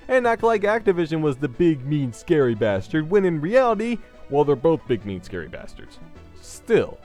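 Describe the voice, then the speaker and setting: A man delivers scripted gaming commentary in a sarcastic, crude tone. His voice sits a little high and leaps around with animated, lively pitch swings. Soft music plays quietly underneath. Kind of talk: scripted video game commentary.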